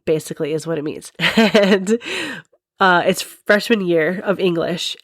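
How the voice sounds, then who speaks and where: A woman's voice: mid-range voice, no echo, clean studio sound. A woman hosting a podcast, telling a story in a rambling, casual way and often breaking into laughter. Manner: giggly, rambling, laughs often mid-sentence. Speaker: podcast host.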